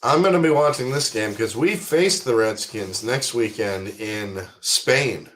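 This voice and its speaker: A man hosts a casual football picks show at an unhurried pace. He steps through each game's odds, referee and ticket prices. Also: on the low side, a bit bright. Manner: unhurried, runs the segments by asking for referee, announcers and ticket prices. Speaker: podcast host. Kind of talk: casual sports pick'em show.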